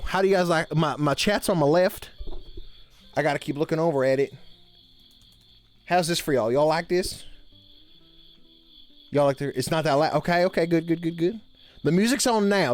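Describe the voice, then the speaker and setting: A man streaming live, chatting casually with viewers in a folksy camp-counselor persona full of drawled "y'all"s. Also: on the high side. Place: home streaming room with blanket-draped backdrop.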